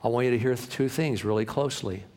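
A man preaching a sermon as pastor, impassioned, swinging between hushed and loud passages. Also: medium pitch, fast. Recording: long hall reverb.

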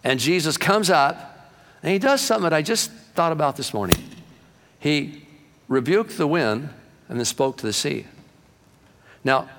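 A man's voice: medium pitch, fairly bright tone, long reverb tail. Folksy older male preacher. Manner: folksy storytelling, building to fervent preaching. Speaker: pastor. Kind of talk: sermon.

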